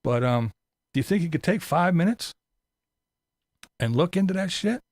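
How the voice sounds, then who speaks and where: A man's voice: on the high side, lively intonation, moderate pace, a little mellow, no room sound, studio quality. A man giving a sarcastic, profane ranting commentary as a YouTube commentator.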